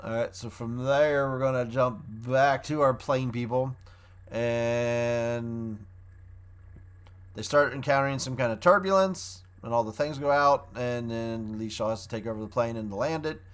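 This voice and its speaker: A man's voice: mid-range voice, a little slow, smooth. A man reviewing a show in a casual, rambling way, often restarting his sentences as he recaps the plot.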